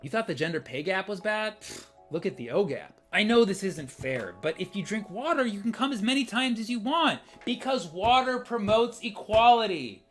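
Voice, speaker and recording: Male stand-up comic, deadpan stat-driven delivery, lively pitch, faint music underneath. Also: moderate pace. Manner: deadpan statistics delivery with punchline drops. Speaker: stand-up comedian. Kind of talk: stand-up comedy set.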